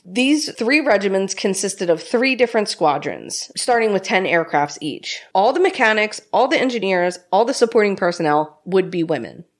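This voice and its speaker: A woman in her thirties co-hosting a podcast, telling a history story in animated casual chat, swearing freely and laughing often. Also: mid-range voice, normal speed, hardly any pauses.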